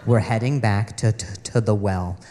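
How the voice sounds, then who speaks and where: A man's voice: lowish voice, moderate pace, dark tone, in a large hall. A man doing stand-up, telling an exasperated story on a comedy club stage. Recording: live club recording with audience noise.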